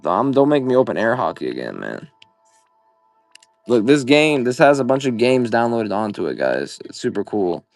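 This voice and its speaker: A young man hosting a casual live-selling stream, profane and excitable as he pitches items while playing a game. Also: normal speed, faint music behind. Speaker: livestream seller.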